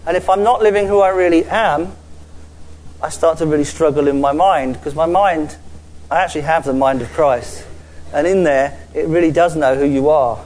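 A man preaching a sermon, his voice sitting a little higher than most men's. He is earnest, often stumbles and restarts his phrases, repeats words as he searches for them, then draws out the key lines slowly. He is speaking to a gathered church audience. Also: darkish tone, poor audio. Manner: slows down to stress key phrases.

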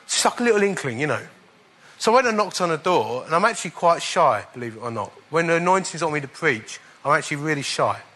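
A man preaching, telling a personal testimony in an animated way and chuckling at the funny parts. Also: fairly high pitch, fast talker. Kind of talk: storytelling sermon.

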